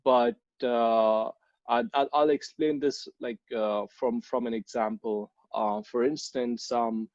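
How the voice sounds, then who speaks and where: A man's voice: medium pitch, steady tone, slow, a little mellow, no echo. Hesitant young man from India, muffled. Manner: hesitant, many ums and restarts. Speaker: podcast guest. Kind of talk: casual interview chat. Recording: dull, dry lo-fi sound.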